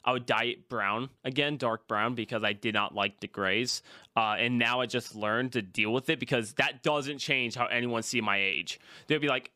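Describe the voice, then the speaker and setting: A male podcast host chatting casually, animated and swearing freely, with some consonants blurred and P and B sounds mixed. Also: medium pitch, normal speed, no echo, clean studio sound.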